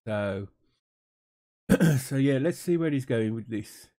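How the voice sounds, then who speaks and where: British man, mellow tone, wry reaction-video host. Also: medium pitch, animated, slow. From United Kingdom. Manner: dry, mocking, many fillers. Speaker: commentator reacting to an interview. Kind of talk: casual sarcastic commentary.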